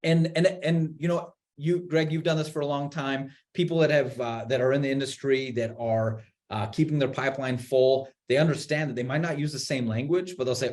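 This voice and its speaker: A man on a video call webinar, explaining real estate marketing in an animated way, with many restarts and repeated words. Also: mid-range voice, brisk, hardly any pauses. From Utah. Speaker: marketing executive guest.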